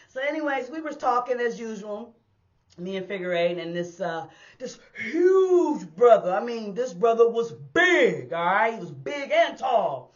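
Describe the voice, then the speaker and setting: A woman who used to drive buses tells a personal street story in a casual, animated way, talking straight to her listeners and acting out the sounds. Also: on the high side, normal speed, lo-fi sound. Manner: animated, addresses listeners as y'all, acts out sounds. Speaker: storyteller and former bus driver. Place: indoors on a hot day.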